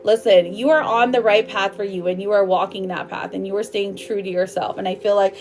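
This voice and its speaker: A woman's voice: medium pitch, steady tone, brisk, darkish tone, slight background noise. A woman giving a live-streamed tarot reading in a chatty, affectionate way, calling her viewers darling and my love. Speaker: tarot reader.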